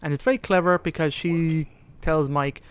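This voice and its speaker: A man's voice: on the high side, steady tone, normal speed. A man co-hosting a podcast, retelling a story casually and acting out quoted lines along the way. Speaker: podcast co-host. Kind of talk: casual chat recapping a story.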